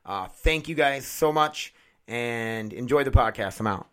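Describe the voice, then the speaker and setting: A man's voice: medium pitch, unhurried, sharp tone, clear, resonant tone. Guy rambling on his podcast, cusses a lot, jumps all over the place, condenser mic. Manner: rambling, profane, self-mocking. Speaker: podcast host. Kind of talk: casual podcast chat. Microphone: condenser studio mic.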